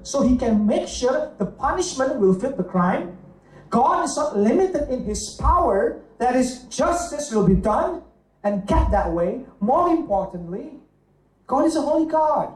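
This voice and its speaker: A man's voice: extremely high pitch, a little mellow, distant mic. A man with an Indonesian accent preaching a sermon as pastor, often asking his listeners rhetorical questions and checking in with "right?". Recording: echoey room, voice from off-mic, faint ambience.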